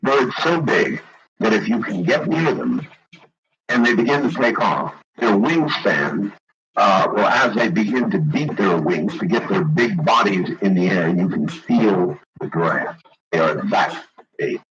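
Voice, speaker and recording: A man hosting late-night call-in radio, talking slowly and deliberately with dramatic emphasis. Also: lowish voice, lively intonation, fairly bright tone, soft background music. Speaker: radio talk show host. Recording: dull lo-fi 1990s radio broadcast with noise.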